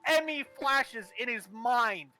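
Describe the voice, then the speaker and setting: High-voiced male co-host, very bright tone, halting casual chat. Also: soft background music. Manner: loose, halting, lots of "like".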